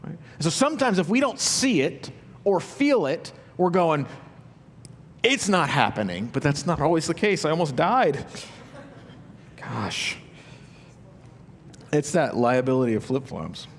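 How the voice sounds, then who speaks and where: A man's voice: fairly high pitch, big pitch swings, moderate pace, in a large hall. A man preaching a sermon as a pastor, talking conversationally with rhetorical questions and acting out the inner voices of his listeners. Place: church auditorium.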